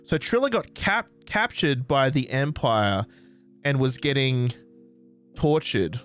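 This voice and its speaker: An Australian man hosting a podcast, chatting excitedly and rambling, often losing track of names. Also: mid-range voice, slow pace, smooth, faint music behind. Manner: excitable, rambling, forgets names mid-sentence. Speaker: podcast host. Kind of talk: casual chat. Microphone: desk microphone.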